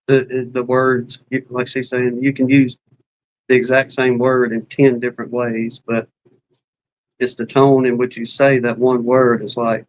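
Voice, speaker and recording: A man with a Southern drawl talks casually on a live stream, folksy and rambling, stopping often to hunt for a word. His voice sits at an ordinary middle pitch. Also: level tone, unhurried, poor audio. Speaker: beekeeping livestream co-host. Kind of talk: casual chat.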